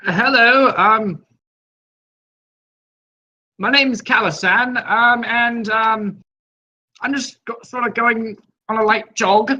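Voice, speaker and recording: A man voicing a young adventurer who bluffs in a hesitant, halting way, full of fillers. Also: very high voice, steady tone, pushed and bright, lo-fi sound, pitched above the performer's own voice, exaggerated voice. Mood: awkward.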